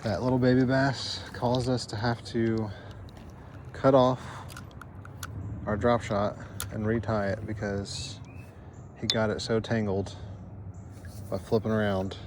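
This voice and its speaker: A man's voice: lowish voice, takes it slowly, pauses often. A man vlogging his fishing trip on a lake, giving casual, chatty commentary in an easygoing, self-deprecating way. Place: outdoors on a lake, fishing from a paddled boat. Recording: outdoor recording with steady background noise.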